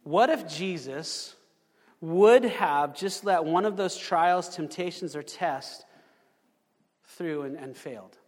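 A fairly high-pitched man preaching to a congregation in a casual, talky style, full of rhetorical questions and restarts. His voice rings with the long reverb of a church hall. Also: slow pace. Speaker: pastor. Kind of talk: sermon.

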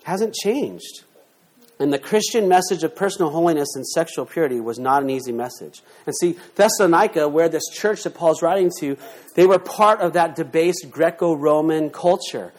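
A man's voice: fairly high pitch, moderate pace. Emphatic man preaching. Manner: emphatic, rhetorical questions, lively shifts in loudness. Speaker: pastor. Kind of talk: sermon.

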